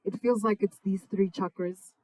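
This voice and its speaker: Young woman singer chatting between songs, mid-pitched, loose, slangy, swears freely, calls people baby and dude. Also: steady tone, normal speed, dark tone, poor audio. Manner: laid-back, slangy, affectionate, swears freely. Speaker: singer-songwriter hosting a live session. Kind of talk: casual chat between songs. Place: parents' backyard, outdoors.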